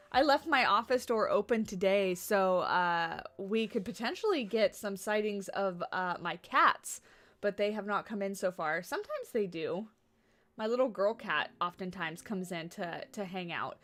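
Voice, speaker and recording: A woman's voice: medium pitch, normal speed, a bit bright, faint music behind. A woman livestreaming a game from her home office, chatting casually and cooing at her dogs. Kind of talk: casual livestream commentary while playing. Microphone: USB condenser desk mic.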